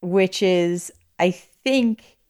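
A woman with a somewhat low voice co-hosts a chatty podcast. She explains her views in a measured way and builds them step by step. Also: a little mellow, clear, resonant tone. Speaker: podcast co-host. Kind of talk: casual chat.

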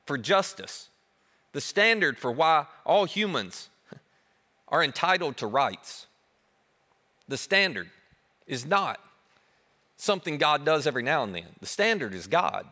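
A man preaching a sermon as pastor, animated and emphatic, dropping to a soft hush on key words. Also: a little high, long reverb tail.

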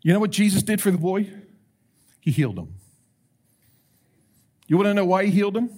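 A man preaching as a pastor, animated and rising to emphatic calls, with quoted prayers acted out. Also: sits high, fairly quick. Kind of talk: sermon.

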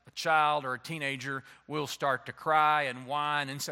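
A man preaching a sermon as a pastor, animated and slipping into playful voices to act out excuses. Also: on the high side, moderate pace, clear, resonant tone. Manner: animated, acts out quoted excuses in changing voices.

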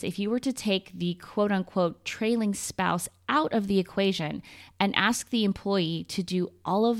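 A woman hosting her own podcast, talking through a personal monologue in an earnest, conversational way and often ticking through lists. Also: mid-range voice. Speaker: podcast host. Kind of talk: scripted solo podcast monologue.

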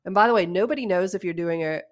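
A woman in her forties hosting a podcast, giving casual advice with lively stories and frequent laughs. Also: on the low side, quick pace. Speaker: podcast host.

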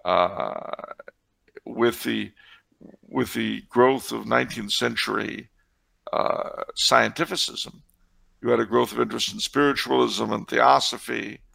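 A man's voice: mid-range voice, steady tone, a little slow, vocal fry, sharp tone. A man answering questions on church history in casual discussion, with wry, digressive, sardonic asides.

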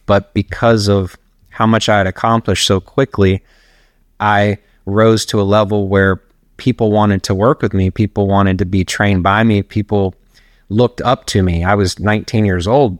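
A man's voice: lowish voice, dry recording, studio quality. A middle-aged man, a personal trainer, telling long rambling stories as a guest in a casual interview. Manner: rambling, anecdotal, laughs while telling stories.

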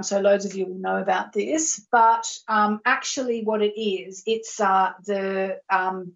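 A woman's voice: mid-range voice, gravelly. A woman hosting a phone-in show who reads callers' charts, chatty and upbeat. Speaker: astrologer host. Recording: slightly dull lo-fi sound.

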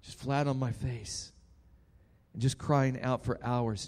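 A man preaching a sermon, telling a story dramatically and swinging between loud and hushed. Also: mid-range voice, steady tone, slow.

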